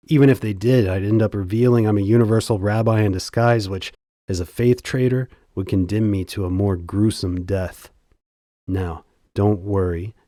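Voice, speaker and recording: A man giving a scripted comic narration in the first person, deadpan and sardonically boastful. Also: lowish voice, dry recording, clean studio sound.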